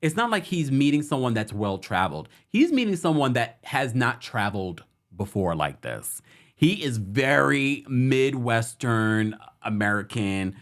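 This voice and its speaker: A man hosting a casual online talk show. He is talkative and laughs easily, and his pitch rises and falls freely as he shares opinions. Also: a little slow. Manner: chatty, lively, laughs often. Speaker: host. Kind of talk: casual chat.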